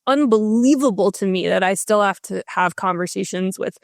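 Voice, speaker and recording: A woman guest in a candid interview, talking with passion and emphasis, in rushes with many restarts. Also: medium pitch, creaky, dry recording, studio quality. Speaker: guest author.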